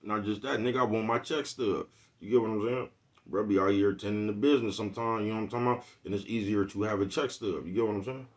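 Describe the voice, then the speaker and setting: Brief: deep-voiced male streamer, slangy and casual, constantly checks in with his viewers. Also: steady tone, fast. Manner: streetwise slang, keeps asking "you know what I'm talking about". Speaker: livestream vlogger. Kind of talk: casual livestream rant.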